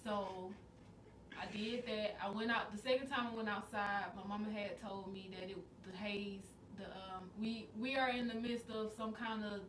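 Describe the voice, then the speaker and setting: A woman co-hosts a podcast, drifting through her story in a relaxed way. She sounds set back from the mic in a roomy space, with faint noise behind. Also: mid-range voice, normal speed, far from the mic. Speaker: podcast co-host. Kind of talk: casual podcast chat.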